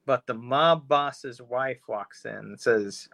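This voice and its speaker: A man's voice: medium pitch, takes it slowly, gravelly, a bit bright, dry recording. Crude rambling podcast co-host man. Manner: rambling, crude retelling with put-on quotes. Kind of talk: casual podcast banter, retelling a horror episode.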